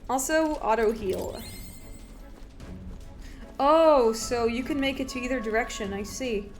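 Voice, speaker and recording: A young woman streamer talks through a game live, rambling and animated. Her voice sits a little higher than most women's. Faint game music plays underneath. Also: unhurried. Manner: rambling, animated, lots of fillers and restarts. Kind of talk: live let's play commentary.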